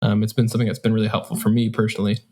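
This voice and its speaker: A man's voice: lowish voice, monotone, very fast, darkish tone. A man co-hosting a podcast, reflecting in a rambling, casual way with plenty of fillers. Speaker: podcast co-host. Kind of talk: casual book-club chat.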